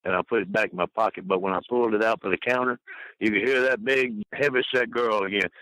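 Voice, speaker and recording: An older man rambling through a folksy anecdote as an interview guest, his voice bright and forceful. He laughs at his own stories, and the sound is dry and close. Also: on the low side, fairly even intonation, quick pace, dry recording, rough recording.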